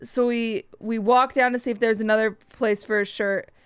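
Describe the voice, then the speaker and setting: A young woman streamer casually telling her viewers a story, swearing freely and quickly mimicking other people's lines. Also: fairly high pitch, steady tone, clear, resonant tone, no echo.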